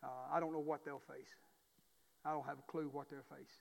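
A man's voice: fairly high pitch, flat delivery, a little fast, creaky. A male pastor preaching a sermon in a folksy, emphatic way, repeating phrases to drive points home, in a church. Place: church sanctuary. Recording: long reverb of a church hall.

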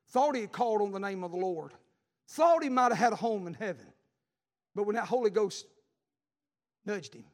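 A middle-aged man preaching a fervent sermon that builds to shouting, in a church sanctuary. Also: very high voice. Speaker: pastor. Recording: long hall reverb.

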